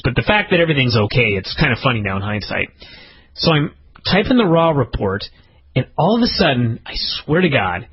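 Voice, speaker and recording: Lively, husky-voiced man telling a story. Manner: animated, profane, quick to jump to high-pitched outbursts. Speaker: podcast co-host. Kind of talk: casual storytelling chat. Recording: dull lo-fi podcast audio.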